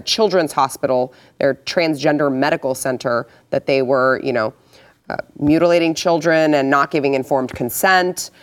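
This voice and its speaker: Low-pitched female host, casual and chatty. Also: clear, resonant tone. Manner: chatty, reads sponsor ad breezily. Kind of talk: casual political talk show.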